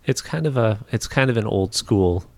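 A low-voiced man hosts a podcast interview, tossing out short, wry questions and chuckling along with his guest. He is recorded close and dry, with no room sound. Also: expressive, moderate pace, no room sound. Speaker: podcast host. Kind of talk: conversational interview.

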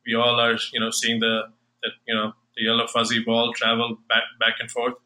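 A man's voice: mid-range voice, completely flat delivery, brisk, sharp tone, poor audio. A man hosting a tennis podcast, chatting casually with many fillers and restarts. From United States. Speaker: podcast host.

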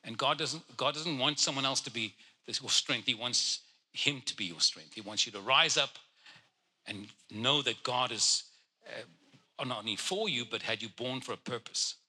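Husky, bright-voiced man giving prophetic words. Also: mid-range voice. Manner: direct, teasing, quick to joke and laugh. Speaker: guest prophet. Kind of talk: prophetic ministry to individuals.

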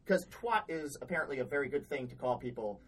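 Her voice is very deep and husky, expressive and quick. She co-hosts a podcast, swapping work stories in casual conversation with a blunt, exasperated tone and frequent swearing, all on a rough recording.

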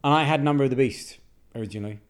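Man, podcast host, blunt, swears, dry banter, mid-pitched voice. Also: racing. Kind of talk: casual chat. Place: home garage studio.

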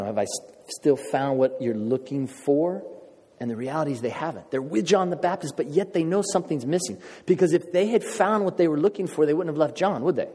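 A man's voice: medium pitch, dark tone, in a large hall. A man preaching a sermon in a conversational way, asking his listeners questions. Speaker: pastor.

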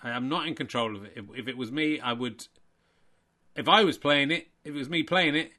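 A man's voice: medium pitch, a little fast, pushed and bright. A man hosting and giving a playful, self-mocking mock sports commentary.

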